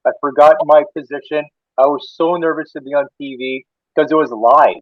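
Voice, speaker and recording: A man's voice: on the high side, fairly even intonation, moderate pace, no room sound. A Canadian man, an interior designer, telling rambling anecdotes in a casual interview, with many restarts. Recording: tinny phone-like line, dry.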